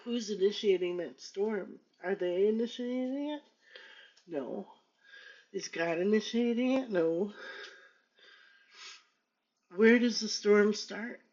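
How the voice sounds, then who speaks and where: A woman talking slowly and haltingly in a personal monologue, moving between hurt and defiance while reading tarot cards. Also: medium pitch, darkish tone. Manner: slow, halting, with many restarts and pauses; pained and defiant in turns. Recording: dull lo-fi recording.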